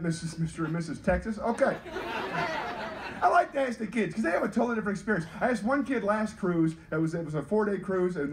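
A man's voice: high voice, noisy background. A man from North Carolina doing stand-up comedy and playful crowd work.

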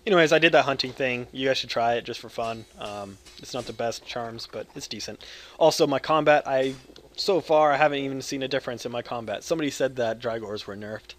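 A man from the United States giving rambling gameplay commentary, loud and jokey with crude humor, swinging between yelling and mumbling. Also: mid-range voice, brisk. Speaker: gaming video creator.

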